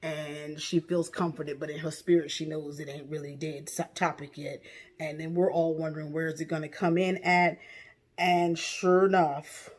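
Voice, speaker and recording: A woman casually recapping a TV episode, outspoken and animated, breaking into loud exclamations. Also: low voice, moderate pace. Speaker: TV show recap vlogger.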